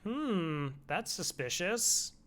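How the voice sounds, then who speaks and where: Young male streamer, slow laid-back delivery, slightly high voice, wry chat with viewers. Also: big pitch swings, a bit bright. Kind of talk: casual game commentary with chat.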